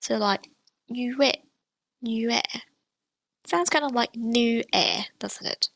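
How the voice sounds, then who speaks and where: A woman teaching pronunciation, explaining sounds clearly and repeating each example slowly. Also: a little high, animated, fairly bright tone. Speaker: language teacher.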